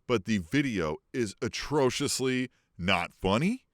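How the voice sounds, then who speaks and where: A man's voice: mid-range voice, lively intonation, a little slow, no room sound, studio quality. A man co-hosting a wrestling podcast in casual chat, sounding exasperated, swearing and trailing off into restarts.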